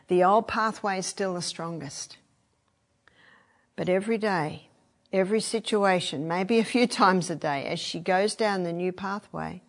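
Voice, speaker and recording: An older woman speaks to listeners like a teacher at a retreat. She tells stories, acts out the voices of the people she quotes and laughs easily. Her pitch is at an ordinary middle height for a woman. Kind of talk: teaching talk with anecdotes.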